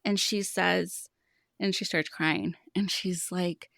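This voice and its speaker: A woman in her thirties talks through money habits as a podcast guest, in a low voice with a gravelly edge. She explains earnestly and tells stories from her coaching. The sound is dry and close. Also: fairly even intonation, takes it slowly, fairly bright tone, no room sound. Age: 30s. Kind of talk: casual podcast conversation.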